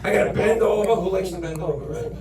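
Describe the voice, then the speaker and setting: A male stand-up comedian telling a story on a club stage, with animated, mock-outraged ranting. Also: sits high, quick pace. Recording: roomy club sound from a distant mic, crowd laughing.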